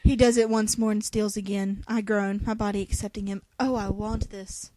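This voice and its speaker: A woman's voice: mid-range voice, little pitch movement, moderate pace, mellow. A young woman reading a novel aloud in a dramatic voice, breaking off for sarcastic jokes. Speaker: reader.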